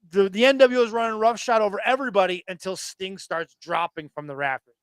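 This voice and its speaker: Male podcast co-host, 30s, high voice, dry close mic, animated swearing fan storyteller. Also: no room sound. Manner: excited, profane storytelling. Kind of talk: casual wrestling chat.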